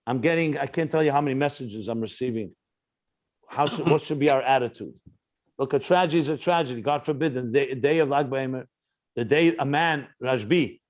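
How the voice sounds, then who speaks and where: A man's voice: medium pitch, darkish tone. A man, a rabbi, teaching a spoken Torah class, telling a story earnestly and often restarting his sentences.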